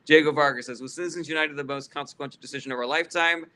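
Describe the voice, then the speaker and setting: A man's voice: on the high side, fairly even intonation, rapid-fire, pushed and bright. A man hosting a casual livestream Q&A, reading viewer questions aloud and answering bluntly with swearing and frequent fillers, turning heated and sarcastic with some chatters.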